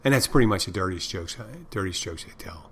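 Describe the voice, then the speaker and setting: A man's voice: low-pitched, lively intonation, brisk, slight background noise. A middle-aged man hosting a podcast, rambling through stories and crude jokes in a casual monologue. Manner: meandering storyteller, tells crude jokes. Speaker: podcast host.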